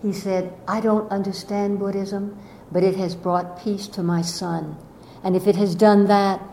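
An older woman telling a reflective spiritual story slowly and gently, her voice often trailing off softly. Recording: echoey room with faint rumble.

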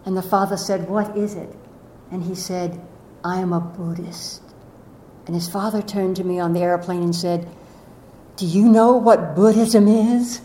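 An older woman telling a reflective spiritual story slowly and gently, her voice often trailing off softly. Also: level tone. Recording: echoey room with faint rumble.

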